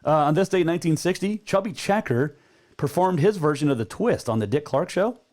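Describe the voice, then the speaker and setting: A man's voice: on the high side, expressive, brisk, darkish tone. A man hosting a sports talk radio show, chatting casually and rambling a bit with plenty of filler words.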